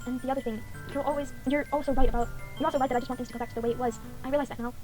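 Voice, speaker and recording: A woman's voice: high voice, steady tone, racing, music in the background, natural voice. Sayori, a woman voicing a tearful schoolgirl. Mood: resigned. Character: tearful anxious teenage schoolgirl, lovesick and self-blaming. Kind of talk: reading a visual novel aloud.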